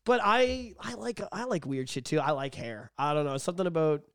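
A man's voice: a little high, animated, brisk, clean tone, no echo, studio quality. A young man co-hosting a podcast in casual chat, crude and teasing, laughing often. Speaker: podcast co-host.

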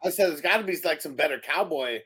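A man's voice: a little high, lively intonation, fast talker, background noise. A man hosting a casual fantasy draft show, easygoing, laughing often and reading out chat comments. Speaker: podcast host running a fantasy draft.

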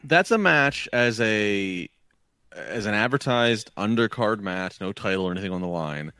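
A man's voice: on the low side, animated, moderate pace, pushed and bright, clear, resonant tone. A man co-hosting a wrestling podcast in loose, rambling chat. He keeps restarting sentences as his thoughts catch up. The sound is dry and close, with no room echo. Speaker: podcast co-host.

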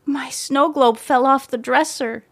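Storybook read-aloud: a tearful, pleading young boy, voiced by a woman, pitched high. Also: fairly even intonation, a little slow. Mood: upset. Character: grief-stricken young boy.

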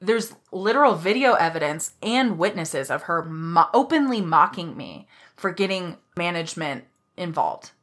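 A young woman on a casual podcast, telling a work story in a heated, animated way with plenty of swearing. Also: lowish voice, moderate pace.

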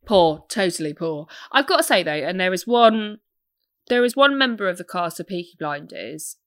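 A young woman co-hosting a casual podcast chat, animated and swearing freely. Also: lowish voice, normal speed, dry recording, studio quality. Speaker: podcast co-host.

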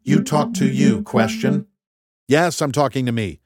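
A man's voice: mid-range voice, measured pace, a crowd in the background, voice pushed up, close to an everyday voice. A man voicing a blunt many-legged alien. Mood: matter-of-fact. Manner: clipped broken grammar, flat and literal. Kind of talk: audiobook character voice.

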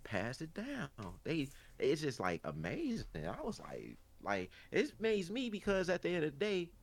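Profane, animated Chicago man talking. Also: on the high side, normal speed, creaky. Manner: animated, profane storytelling with slang. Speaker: podcast co-host. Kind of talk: casual chat.

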